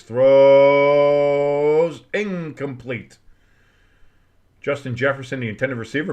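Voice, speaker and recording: A man giving casual live play-by-play and reaction to a football game, with a middle-pitched voice. He talks to his chat in a loose, blunt way, swears freely and now and then erupts into excited shouting. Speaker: play-by-play streamer.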